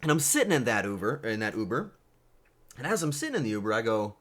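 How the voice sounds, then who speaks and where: A young man streams from home, talking casually to his viewers. His pitch jumps around as he tells an anecdote. It sits in an ordinary middle register. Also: fast talker. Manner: animated, bursts into excited shouting. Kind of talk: casual storytelling to chat.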